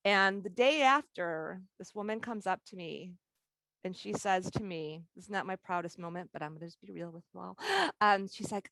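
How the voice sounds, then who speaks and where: Woman leadership teacher, low dry voice. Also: normal speed, gravelly, fairly bright tone, no echo. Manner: candid, storytelling with laughs. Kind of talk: live workshop teaching.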